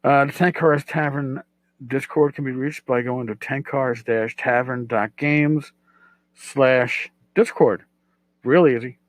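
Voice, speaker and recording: A man's voice: mid-range voice, steady tone, slow pace, no echo, rough recording. A middle-aged man hosting a casual solo podcast, rambling and self-deprecating, repeating his words as he goes. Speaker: podcast host.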